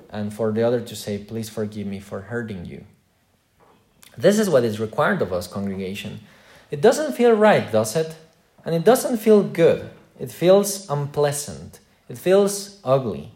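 Earnest male pastor preaching a sermon. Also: mid-range voice. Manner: earnest, addresses the congregation with rhetorical questions; preaching with wide swings between loud emphasis and quiet asides.

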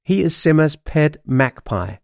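A man narrating a children's audiobook with an animated, expressive delivery. His pace is unhurried and deliberate. The recording is dry and close. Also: a little high, vocal fry, dry recording. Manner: slow and expressive storytelling.

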